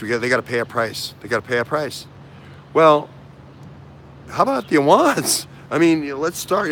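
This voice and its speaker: A man's voice: medium pitch, pushed and bright, slight background noise. A man hosting a casual political talk show, rambling with many fillers, restarts and repetitions. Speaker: host.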